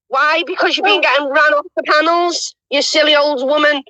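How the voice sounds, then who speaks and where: A woman with a high, bright, cutting voice rants scornfully and swears constantly on a livestream. The sound is dry and close to the mic. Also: steady tone, normal speed, hardly any pauses, no echo, lo-fi sound. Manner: foul-mouthed, insulting, scornful. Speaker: livestream panelist. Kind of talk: heated livestream rant.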